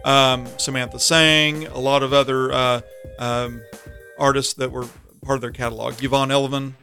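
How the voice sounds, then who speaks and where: A man's voice: mid-range voice, flat delivery, normal speed, gravelly, pushed and bright, soft background music. A man on a podcast as guest, recounting facts and summing up a film in casual chat.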